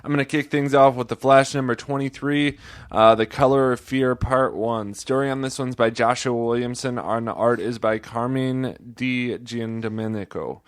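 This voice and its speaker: A man hosting a casual comics podcast, talking in a relaxed, rambling way with plenty of fillers. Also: medium pitch, clear, resonant tone, no room sound, clean studio sound. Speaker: podcast host.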